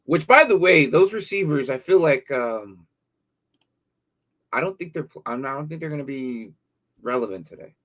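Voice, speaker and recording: A man's voice: a little high, animated, normal speed, pauses often, fairly bright tone. A man hosting a casual live stream, reading viewer questions and thinking aloud with plenty of fillers and repeated words. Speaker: livestream host answering fantasy football questions.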